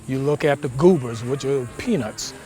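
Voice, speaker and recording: A man's voice: medium pitch, moderate pace, mellow, soft background music. A man confidently explaining his heritage outdoors at a family cookout. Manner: lecturing, confident.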